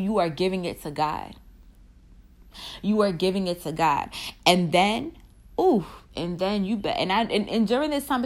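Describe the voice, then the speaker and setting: A young woman with a slightly low voice gives an earnest faith talk. She leads a spoken prayer, repeats her key phrases and lets her excitement break through. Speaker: Christian women's marriage speaker.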